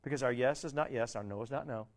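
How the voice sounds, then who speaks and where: A man preaching a sermon as pastor, asking the congregation questions and dropping his voice low at the ends of phrases. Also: fast talker. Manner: asks the congregation many questions, conversational preaching.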